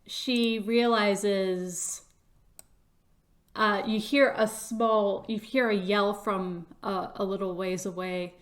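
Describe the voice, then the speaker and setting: A woman's voice: medium pitch, fairly even intonation, slow pace. A woman narrating a tabletop game as game master, with many hesitant fillers.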